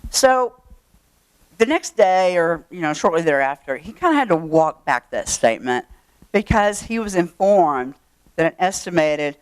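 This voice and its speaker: A woman's voice: low-pitched, clean tone, dry recording. An older woman, telling a personal story to a live audience in a chatty, wry way, with asides and fillers. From Texas. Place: event room.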